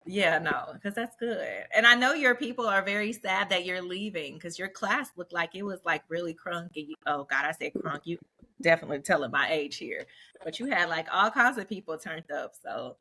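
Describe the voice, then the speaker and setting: A chatty woman hosting a relaxed talk, laughing often and leaning on filler words. Her voice sits a little low but comes across bright and forceful. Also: normal speed. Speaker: podcast host. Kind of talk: casual chat.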